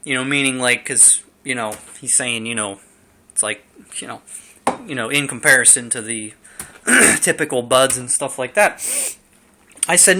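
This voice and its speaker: A man's voice: medium pitch, fairly quick, pushed and bright, slight background noise. A young man casually reviewing a beer at home, rambling and chatty with lots of fillers, recorded on a camera mic.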